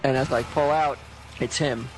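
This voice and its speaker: A man's voice: medium pitch, fairly even intonation, normal speed, soft background music, low-quality recording. A man hosting a stream, telling a story casually, swearing and acting out both sides of the conversation. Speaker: stream host.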